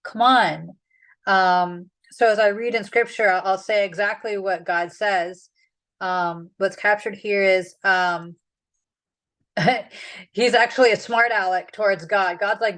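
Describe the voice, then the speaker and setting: A woman's voice: medium pitch, steady tone, a little slow, fairly bright tone, low-quality recording. Woman Bible study leader, casual and chatty, mid-range voice. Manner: chatty, with many "like"s and "um"s.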